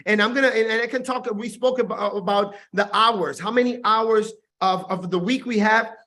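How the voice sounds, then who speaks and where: A man with a high voice gives an intense, preachy motivational talk to his team over a video call. He hammers on the same points again and again and keeps pressing his listeners. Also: steady tone, normal speed, pushed and bright. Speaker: network marketing team leader.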